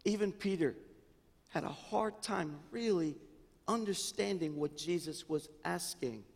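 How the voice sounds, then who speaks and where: A male pastor preaching a sermon, swinging between fervent, near-shouted passages and quiet, chatty storytelling. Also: high voice, a little slow, gravelly, long reverb tail. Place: church sanctuary.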